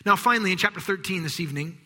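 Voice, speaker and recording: A man preaching a sermon, acting out quoted voices and dropping to hushed whispers. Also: high-pitched, racing, big-room sound. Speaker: pastor.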